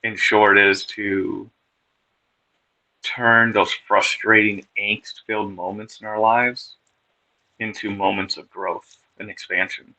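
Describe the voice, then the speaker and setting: Slow, bright-voiced man telling his story. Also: on the low side, level tone, gravelly, poor audio. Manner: candid, profane, wry storytelling. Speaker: podcast guest sharing his recovery story. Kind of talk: casual personal storytelling.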